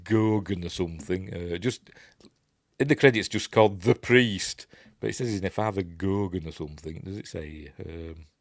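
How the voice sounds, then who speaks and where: Chatty Yorkshire man, low and dry. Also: normal speed, no room sound. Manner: rambling, chatty, self-correcting with many asides. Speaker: film reviewer and host. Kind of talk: casual running commentary over a film.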